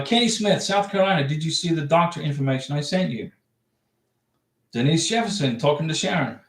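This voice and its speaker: A man's voice: a little high, echoey room. A man hosting a casual livestream, reading viewer comments aloud and giving blunt, reassuring advice.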